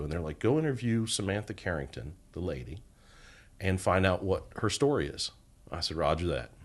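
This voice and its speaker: A middle-aged man on a podcast, telling a long story and acting out the lines of the people in it. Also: deep voice. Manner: animated storyteller acting out quoted dialogue. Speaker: podcast guest, former federal agent.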